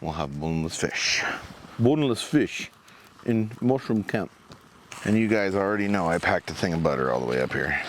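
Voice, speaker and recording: A man's voice: deep voice, brisk, slight background noise. A man hosting an outdoor vlog, chatting casually to the viewers while camping by a fire in the forest. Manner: relaxed, chatty, talks to the viewers.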